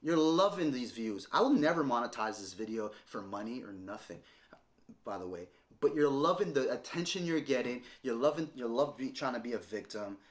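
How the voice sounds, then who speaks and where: Speaking straight to the camera, a vlogger in his thirties rants at his ex-partner in a mid-range, animated voice that runs a little fast. He lectures confrontationally and repeats the same points, his pitch rising and falling as he drives each one home.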